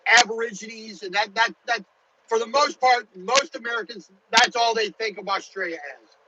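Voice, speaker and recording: A man's voice: high-pitched, moderate pace, bright, forceful tone, muffled recording, a little hiss or hum. A truck driver talking casually to his viewers while driving his truck, in a chatty, rambling way. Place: truck cab on the highway.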